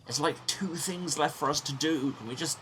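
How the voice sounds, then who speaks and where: A man's voice: fairly high pitch, moderate pace, fairly bright tone, faint music behind. A man hosting a let's play, giving chatty, self-mocking gaming commentary from a small sealed room and muttering to himself as he plays.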